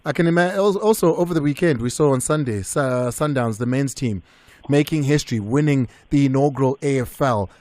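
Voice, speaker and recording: A man with a South African accent hosting a live radio sports show, energetic and switching between English and isiZulu. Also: medium pitch, fairly quick, no echo.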